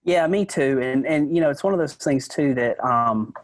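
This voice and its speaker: A man's voice: mid-range voice, expressive, moderate pace, dry recording. A man co-hosting a casual church podcast, giving advice to pastors in an earnest way and thinking aloud with restarts. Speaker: podcast co-host advising pastors.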